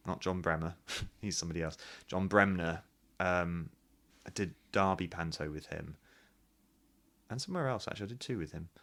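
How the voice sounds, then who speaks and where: A man talking in a fairly low voice with a bright, forceful edge. He chats freely as an interview guest, thinking aloud and often restarting his sentences. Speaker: guest, pantomime actor. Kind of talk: casual interview chat.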